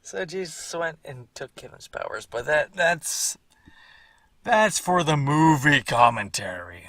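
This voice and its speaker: A man's voice: fairly high pitch, animated, measured pace, pushed and bright, recorded from a distance. A man giving rambling, casual commentary on his own series, repeating himself and swearing now and then.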